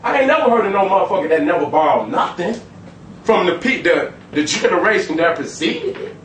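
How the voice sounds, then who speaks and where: A man's voice: expressive, fairly quick, recorded from a distance, a little hiss or hum. Profane, emphatic man lecturing in an echoey room. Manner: profane, emphatic, swings between loud and low. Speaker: speaker lecturing an audience. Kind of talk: animated street lecture. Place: room with a live audience.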